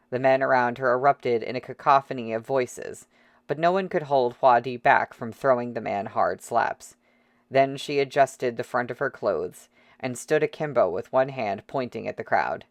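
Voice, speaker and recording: Steady audiobook reader, mid voice, very dry close audio. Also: mid-range voice, dry recording. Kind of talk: audiobook narration.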